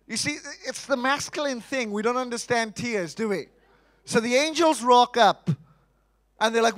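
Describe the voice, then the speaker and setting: A man with a fairly high voice delivers a lively, humorous sermon, calling out to the congregation for responses. His voice sits close to the mic and sounds dry, with little room sound around it. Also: moderate pace, no echo, poor audio. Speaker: preacher. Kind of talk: Easter sermon.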